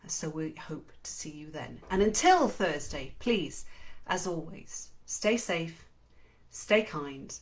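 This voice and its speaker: A woman's voice: low voice, sing-song, slow pace. Chatty woman host reading aloud. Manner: chatty, laughs easily. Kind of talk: reading aloud on a live stream.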